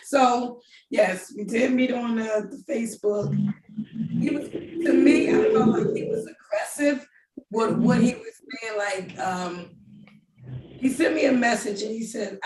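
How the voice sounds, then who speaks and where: A middle-aged woman chats through a personal story, quick to laugh and to act out each line of dialogue. Her voice sits somewhat high, and she sounds a bit distant from the mic in an echoey room with a faint hiss underneath. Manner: animated, laughing, quoting others in voices. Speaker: guest telling her relationship story. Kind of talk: casual storytelling.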